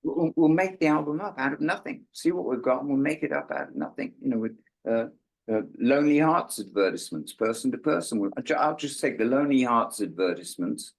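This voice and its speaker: An older English musician, appearing as an interview guest, tells stories animatedly and performs the dialogue of the people in them with big jumps in pitch. The interview is casual and story-driven; his delivery is brisk, and the recording is rough.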